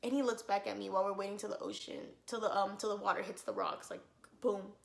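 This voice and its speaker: A young woman vlogger telling a story in casual chat, animated and dramatic, laughing often. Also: mid-range voice, quick pace, gravelly, reverberant.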